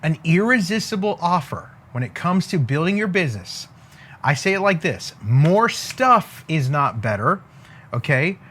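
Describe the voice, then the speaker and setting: A man with a slightly high, somewhat bright voice speaks unhurriedly, with big swings in pitch. He teaches business as a motivational coach, talking with emphasis, repeating catchphrases, and often asking "okay?" while he draws on a board.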